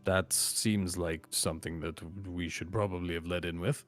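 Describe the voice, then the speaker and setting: A man's voice: low voice, steady tone, normal speed, faint music behind. A man chatting casually as a player in a tabletop game, loose and rambling with many fillers.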